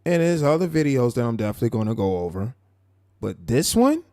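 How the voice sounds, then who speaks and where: A man hosting a live stream, commenting on a clip in a mocking, animated way. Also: medium pitch, no echo, studio quality. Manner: mocking, animated, drawn-out asides. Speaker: live show host.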